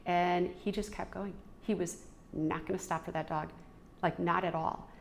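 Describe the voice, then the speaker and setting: A middle-aged woman telling an earnest, reflective personal story, halting now and then with restarts. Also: fairly low pitch, fairly even intonation, gravelly, slight background noise. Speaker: storyteller sharing a personal experience.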